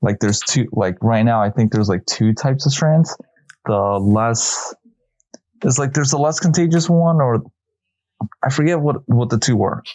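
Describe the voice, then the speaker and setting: A man's voice: mid-range voice, measured pace, darkish tone, no room sound, muffled recording. A man co-hosting a podcast in casual chat, explaining things in a rambling, hesitant way. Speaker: podcast co-host.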